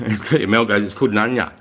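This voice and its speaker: This Australian man's lowish, slightly bright voice moves fast as he greets viewers on a relaxed live stream. Chatting from a room at home with a fire going, he rambles along easily, swears freely and laughs frequently.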